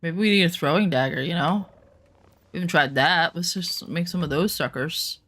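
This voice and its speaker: A woman's voice: on the low side, normal speed, a bit bright. A woman chatting casually to her viewers while streaming a survival game, rambling with lots of fillers. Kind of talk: casual gaming stream chat.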